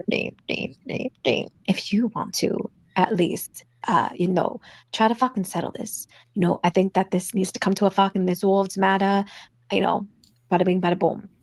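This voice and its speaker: A woman's voice: fairly low pitch, no room sound. A woman voicing a brash, tough-talking woman who confronts a rival and swears heavily in an amateur voice-acting skit.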